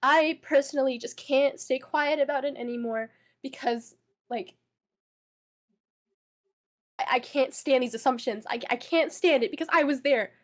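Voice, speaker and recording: A woman's voice: high-pitched, moderate pace, long pauses. A young woman giving an emotional interview as a witness, tearful and upset, stumbling and repeating words as she apologizes.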